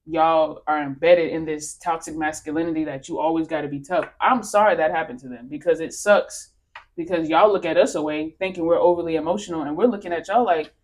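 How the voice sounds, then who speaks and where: A woman's voice: low-pitched, a little fast. Emphatic woman telling stories in casual talk. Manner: emphatic, animated storytelling. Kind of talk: casual chat.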